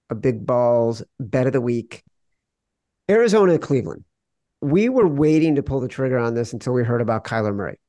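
A man's voice: mid-range voice, expressive, fairly quick, mellow, dry recording, clean studio sound. A man co-hosting a sports betting podcast, arguing his picks in a wry, insistent way. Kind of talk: casual sports betting debate.

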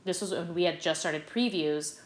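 A middle-aged actress telling stories in a casual interview, animated and full of fillers. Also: female voice, lowish voice, moderate pace, reverberant. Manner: bubbly, animated storytelling with many fillers. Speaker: guest, stage actress.

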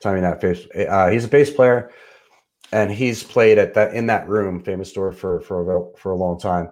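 A man co-hosting a casual podcast chat, speaking in an easygoing, halting way with many small pauses and restarts. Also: deep voice, steady tone, a little mellow. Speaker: podcast co-host.

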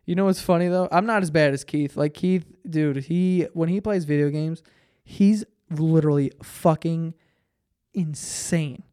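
A man's voice: fairly high pitch, unhurried, dark tone, clean tone, no echo, clean studio sound. A tired young man hosting a solo podcast, telling stories in a rambling, profane, self-interrupting way. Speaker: podcast host. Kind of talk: solo casual podcast monologue.

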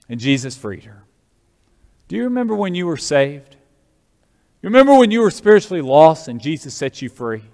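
A man preaching an Easter-style sermon as a pastor, with an animated, rising and falling delivery. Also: fairly high pitch, long reverb tail.

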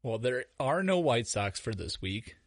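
A man's voice: medium pitch, big pitch swings, a little slow, no room sound, clean studio sound. A man co-hosting a casual sports podcast, laid-back with short, wry replies. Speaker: podcast co-host.

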